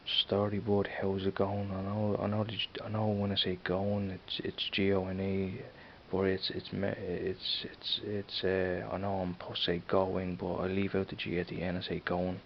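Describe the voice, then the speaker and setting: A man's voice: deep voice, completely flat delivery, moderate pace. A man with a Dublin accent, talking to camera in a rambling, hesitant way with lots of fillers and restarts. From Ireland. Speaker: vlogger. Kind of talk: casual rambling vlog. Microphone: camera mic. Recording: dull lo-fi camera audio with faint hiss.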